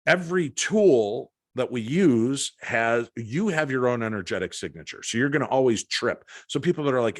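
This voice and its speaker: A man's voice: mid-range voice, moderate pace, few pauses, no echo, clean studio sound. A man, a paranormal investigator, telling an anecdote as a podcast guest and acting out the quoted lines. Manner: animated storyteller acting out quotes. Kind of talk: storytelling in a podcast interview.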